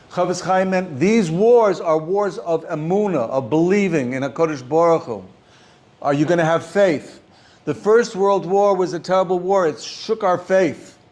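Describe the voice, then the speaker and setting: Halting rabbi. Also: male voice, fairly high pitch. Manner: halting, repeats words often, animated when stressing points. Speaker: rabbi teaching a class. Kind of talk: informal Torah class talk.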